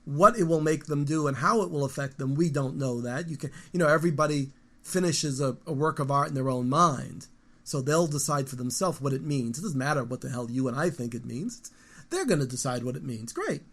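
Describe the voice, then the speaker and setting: A man in his fifties with a gravelly, fry-edged voice, pitched a little higher than most men. He rambles through animated stories in a relaxed interview, often restarting his sentences. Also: brisk. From United States. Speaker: guest musician. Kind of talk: casual interview talk.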